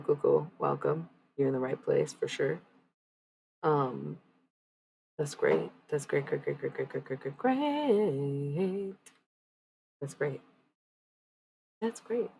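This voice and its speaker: A woman's voice: a bass voice, creaky, a little mellow, slight background noise, rough recording. A woman livestreaming oracle card readings, chatting loosely with viewers, using many fillers and swearing bluntly. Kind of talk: casual live-stream chat with viewers.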